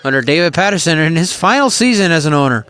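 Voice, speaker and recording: A male play-by-play announcer calling a football game live from the stadium. His voice sits on the higher side and comes across smooth and resonant. He chats freely between plays and keeps voicing puzzlement at the coaching decisions. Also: lively intonation, fast talker, a bit bright, some chatter behind. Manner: chatty, openly puzzled by the coaching.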